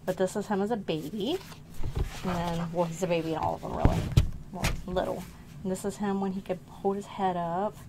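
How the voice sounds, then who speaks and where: A woman's voice: lowish voice, fairly even intonation, a little fast, noisy background. A middle-aged woman hosting a casual vlog, showing old artwork, rambling and correcting herself, short of breath. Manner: rambling, self-correcting, unsure recollections. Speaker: art channel host. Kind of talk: casual show-and-tell vlog.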